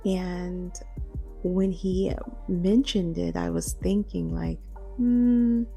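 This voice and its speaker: Female podcast host, 40s: hushed, reflective late-night talk, dark mellow tone, unhurried. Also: fairly low pitch, level tone, gravelly, faint music behind. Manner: hushed, half-whispering, slow and reflective. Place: home at night.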